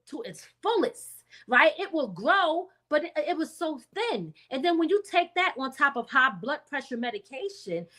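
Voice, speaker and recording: Chatty high-voiced middle-aged woman host. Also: fairly bright tone. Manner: chatty, direct address with folksy asides. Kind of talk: casual chat.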